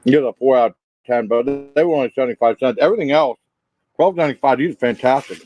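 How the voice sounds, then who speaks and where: A man on a livestream panel chats casually about food. He rates each dish plainly, in an ordinary mid-pitched voice. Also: fast talker, a little mellow, faint music behind, poor audio. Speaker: panel guest. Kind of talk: casual food review chat.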